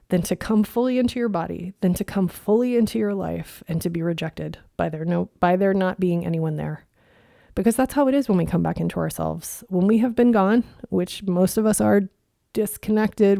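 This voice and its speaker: A woman's voice: mid-range voice, vocal fry, warm tone, no room sound, clean studio sound. A woman hosting a podcast, talking earnestly and candidly as a coach, with casual swearing. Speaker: podcast host and integration coach. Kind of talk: reflective podcast monologue.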